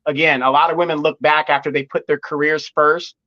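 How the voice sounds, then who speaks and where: Guest for a live talk stream: opinionated man, high voice, stumbles into his points, dull lo-fi line. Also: flat delivery, brisk, bright, forceful tone. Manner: repeats words when starting a point, firm and opinionated. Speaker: guest commentator. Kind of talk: live online discussion.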